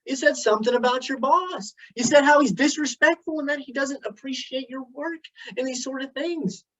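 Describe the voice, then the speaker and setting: A man's voice: very high voice, moderate pace, a bit bright, far from the mic, pitched above the performer's own voice. A man doing a distracted lazy husband. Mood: placating. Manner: lazy, half-attentive, placating. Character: distracted couch-potato husband. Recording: dull lo-fi recording.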